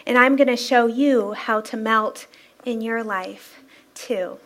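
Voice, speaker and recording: A woman with a high, light voice gives a Sunday talk from the front of a church. She tells stories in a lively, playful way and laughs often between her points. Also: slow pace. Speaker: spiritual practitioner giving a Sunday talk. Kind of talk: inspirational sermon-style talk. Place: church sanctuary.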